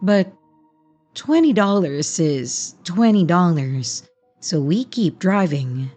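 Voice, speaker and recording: A woman's voice: lowish voice, expressive, slow pace. A woman narrating a horror story with dry, wry asides. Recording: soft music bed underneath.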